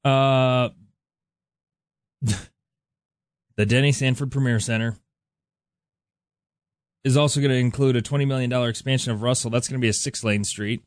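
A man's voice: medium pitch, fairly even intonation, normal speed, long pauses, dry recording, studio quality. A man co-hosting a radio show, joking and rambling with frequent laughs. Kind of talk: casual morning radio chat.

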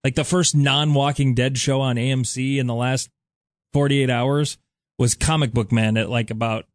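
A man's voice: mid-range voice, fairly even intonation, moderate pace, dry recording, clean studio sound. A young adult man co-hosting a radio morning show, chatting casually and wryly. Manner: chatty, wry, easygoing.

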